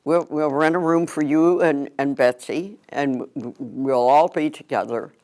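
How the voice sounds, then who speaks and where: An older man slowly recalling memories of his family in an unhurried, reflective way. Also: fairly high pitch, a little mellow. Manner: slow, unhurried recollection. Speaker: interviewee. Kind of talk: reflective storytelling.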